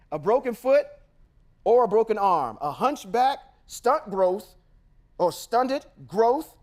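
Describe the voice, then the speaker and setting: Male podcast host with a high voice, reads scripture, then argues it in punchy, slangy asides. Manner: emphatic, confrontational, slangy asides. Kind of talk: scripture reading with casual commentary.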